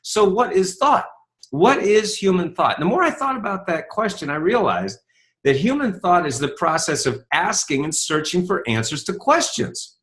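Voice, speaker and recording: A man in his fifties, an author talking as an interview guest, telling stories and acting out quoted lines with lively rises in his voice. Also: normal speed. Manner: animated, acts out quoted dialogue with rising pitch. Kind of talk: storytelling interview talk.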